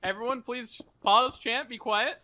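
Bright-voiced teasing man. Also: very high-pitched, moderate pace. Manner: teasing, needling. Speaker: stream co-host. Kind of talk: casual chat.

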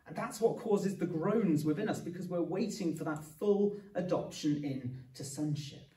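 A man's voice: fairly high pitch, moderate pace, mellow. A man preaching an evening sermon, earnest and explanatory, with touches of light humour. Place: church hall. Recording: echoey church room from a distance.

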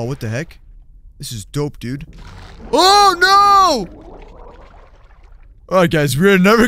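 A man giving excited, chatty commentary over a mobile game, with frequent exclamations and laughs, and faint game music behind him. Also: sits high. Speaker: gaming channel host.

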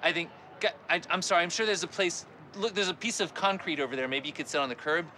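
A man's voice: a little high, fast, a little hiss or hum. A man performing a cheerful, earnest young male puppet who hosts a behind-the-scenes tour with jokes. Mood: excited. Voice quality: lively, eager, exclamatory. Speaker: host. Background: music.

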